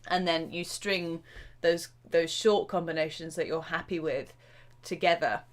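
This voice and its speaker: A woman with a slightly low voice, talking casually as a drum teacher on a live stream. Her delivery is chatty and quick to get excited, full of "um"s and sudden asides as she answers viewer questions. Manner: chatty and excitable, with frequent fillers and self-interruptions.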